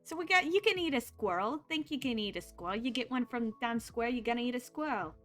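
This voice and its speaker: A woman's voice: fairly high pitch, animated, fairly quick, a bit bright, faint music behind. A woman putting on a Brooklyn accent, playing a streetwise, brash character on a stream. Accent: put-on Brooklyn. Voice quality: talks out of the side of the mouth.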